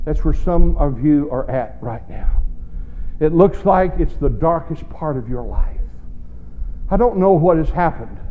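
A man preaching a sermon, swinging between booming shouts and low, hushed asides. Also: rough recording.

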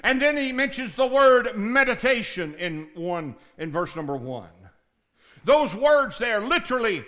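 A male pastor preaching a sermon, dropping to low murmurs and rising to shouted, pleading prayers. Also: big pitch swings, a little slow.

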